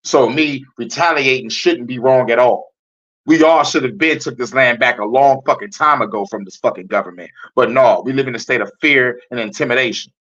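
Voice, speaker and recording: A man hosting a profane, animated reaction commentary, laughing and swearing as he talks, with loud high mocking repeats. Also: brisk. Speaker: reaction video host. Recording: muffled lo-fi audio.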